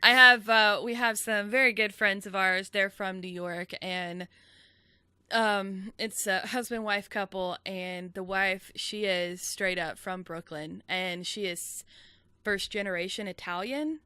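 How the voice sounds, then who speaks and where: Woman host, upbeat, laughs a lot, bright voice, dry close recording. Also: mid-range voice, fairly even intonation, measured pace, smooth, no room sound. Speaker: podcast host. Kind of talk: casual interview chat.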